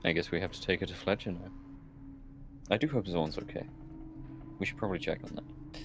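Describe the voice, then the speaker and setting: A man's voice: deep voice, a little fast. A man playing a tabletop game, making wry, chuckling remarks. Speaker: player. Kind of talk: casual tabletop play. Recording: clear background noise.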